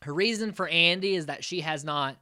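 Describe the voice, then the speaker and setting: A man's voice: fairly high pitch, brisk, no echo, studio quality. An American man hosting a podcast, chatting casually as he recaps a reality show, acting out quotes and swearing freely. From United States. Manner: animated, acts out quotes from the cast; swears casually, frequent fillers. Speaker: podcast host.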